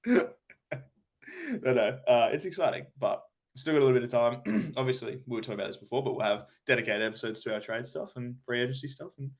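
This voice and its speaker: A man's voice: medium pitch, expressive, a little fast. A man with an Australian accent co-hosting a casual sports podcast, ranting with frequent swearing and laughter. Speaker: podcast co-host.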